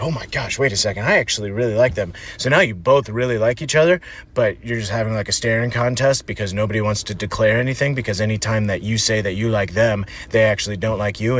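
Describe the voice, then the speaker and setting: A man's voice: on the low side, a bit bright, a little hiss or hum. A man telling a wry, rambling comic story to camera. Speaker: comedian.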